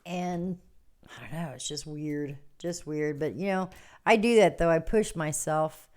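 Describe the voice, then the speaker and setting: A woman hosts a casual morning livestream, telling her viewers a rambling story and laughing as she goes. Her voice sits a little low and sounds smooth and clear. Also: measured pace. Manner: chatty and animated, laughs often, reads out viewer comments. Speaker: livestream host. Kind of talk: casual storytelling to a live audience.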